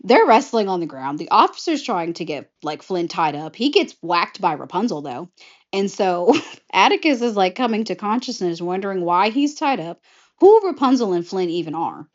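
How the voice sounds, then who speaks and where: A woman casually pitching a film idea scene by scene, lively and slipping into quick character bits. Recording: slightly muffled lo-fi audio.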